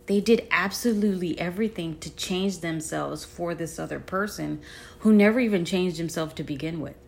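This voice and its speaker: A woman with a fairly low voice chats easily on a podcast, often chiming in with quick agreement. She talks casually and openly. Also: vocal fry. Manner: chatty, frequent affirming interjections.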